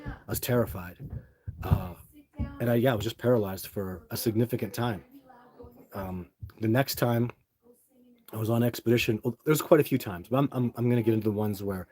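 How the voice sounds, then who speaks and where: A husky, fairly low, darkish voice belongs to a middle-aged livestream host who rambles through stories for his chat, often restarting and filling pauses. The audio has no room sound.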